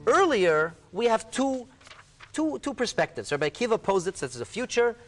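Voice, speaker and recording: Fast, animated man explaining Talmud. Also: high voice, faint music behind. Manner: dramatizes quoted dialogue. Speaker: rabbi. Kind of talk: Talmud study discussion.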